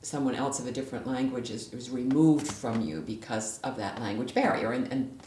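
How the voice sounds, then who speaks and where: A woman's voice: a bass voice, normal speed, mellow. A woman guest, a former judge, chatting in an interview and telling stories with frequent restarts. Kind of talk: casual conversational interview. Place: library room. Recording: echoey room, distant mic, faint noise.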